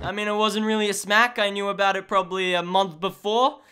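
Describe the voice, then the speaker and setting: A late-teen YouTube animator narrates a comedic storytime, sarcastic and animated, swinging from mock-dramatic shouts to low mumbled asides. His delivery is brisk with a clean tone, and background music runs under his voice.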